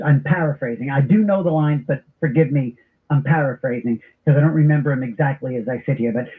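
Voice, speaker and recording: A middle-aged man hosting a talk radio show, telling stories in an animated, comic way. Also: fairly high pitch, a little fast. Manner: animated storyteller with comic impressions. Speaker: radio host. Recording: tinny phone-like broadcast audio.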